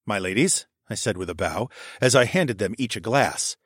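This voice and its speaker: A man narrating a first-person story in a steady, even reading voice on a close mic. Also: fairly low pitch, normal speed, breathy edge, no echo. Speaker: audiobook narrator.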